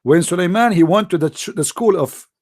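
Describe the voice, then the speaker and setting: A man playing a gravelly, boastful mock preacher. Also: sits high, a little fast, a little mellow. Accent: Arabic. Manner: rambling, boastful, mock-solemn. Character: mock-pompous self-styled male preacher, middle-aged. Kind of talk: satirical livestream monologue.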